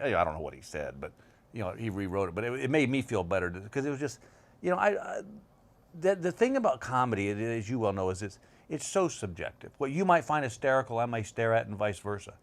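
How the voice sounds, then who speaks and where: A middle-aged man with an unhurried, drawling delivery, spinning long anecdotes as a talk-show guest. His voice sits at an ordinary male pitch, and he often stops and restarts his sentences. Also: big pitch swings. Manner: drawling, rambling storyteller with restarts. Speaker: comedian guest. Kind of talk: casual chat. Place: bedroom set.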